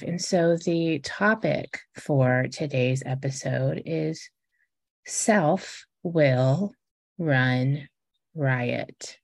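Low, slow-speaking woman podcast host. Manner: earnest, personal storytelling with frequent restarts. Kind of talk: reflective casual podcast monologue.

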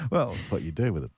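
An Australian man in his forties banters on the radio. His pitch swings widely as he rants and jokes with dry sarcasm. The studio sound is close and dry. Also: breathy edge, dry recording. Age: 40s. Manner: animated, sarcastic, ranting jokes. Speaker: radio co-host. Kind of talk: banter on breakfast-style radio. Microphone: studio microphone.

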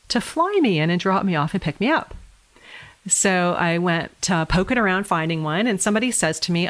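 A middle-aged woman telling her life story as a podcast guest, animated and laughing often. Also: lowish voice. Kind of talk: conversational storytelling.

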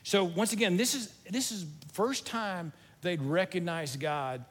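A man's voice: high voice, measured pace, a bit bright, long reverb tail. A middle-aged man, teaching a sermon in a folksy, self-deprecating, conversational way. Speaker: church teacher.

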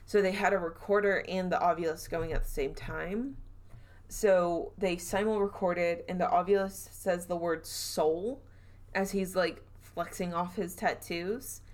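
Southern lady podcast host, lowish voice, chatty and animated, acts out the quotes. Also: unhurried. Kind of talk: casual storytelling chat.

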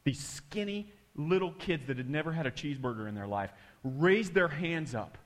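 A man preaching a sermon through an animated, emphatic personal story. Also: a little high, moderate pace. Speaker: pastor.

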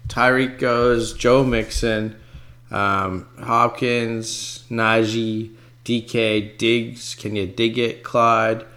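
A man giving casual, excitable commentary on his own fantasy football draft, talking to his viewers as folks and swearing when picks go against him. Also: medium pitch, very slow.

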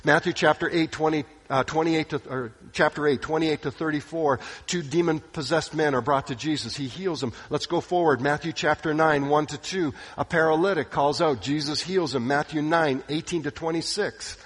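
A man preaching a sermon, retelling stories with dramatic delivery, sometimes dropping to a hushed voice. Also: fairly high pitch, normal speed, few pauses. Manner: dramatic storytelling, acting out quoted voices, drops to hushed tones. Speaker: pastor. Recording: long hall reverb.

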